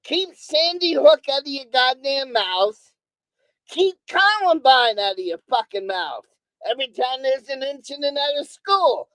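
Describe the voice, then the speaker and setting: A woman's voice: high voice, animated, unhurried, a bit bright, dry recording, low-quality recording. A woman streamer on a profane, angry monologue who hammers on the same words again and again. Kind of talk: ranting monologue. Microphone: streaming microphone.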